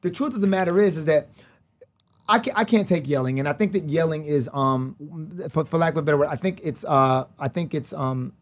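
A man with a slightly raised voice talks in a rapid rush, trading stories in a casual podcast chat. He restarts his sentences often and keeps an animated, storytelling flow. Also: on the high side.

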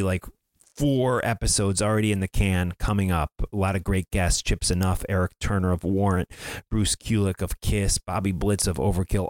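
Low-voiced man chatting quietly at home. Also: no room sound, clean studio sound. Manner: rambling, self-interrupting. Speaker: podcast host. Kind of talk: casual chat.

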